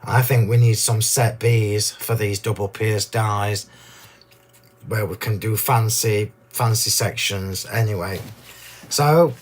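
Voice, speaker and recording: A man hosting a card-making demonstration, chatty and gushing, a little hoarse from losing his voice. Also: fairly low pitch, level tone, takes it slowly, slight background noise. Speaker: crafting demo host.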